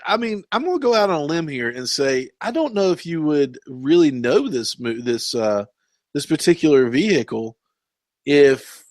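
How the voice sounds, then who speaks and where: Chatty higher-voiced male podcast host. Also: very animated, moderate pace, darkish tone, no room sound. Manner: rambling, laughs often. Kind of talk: casual chat.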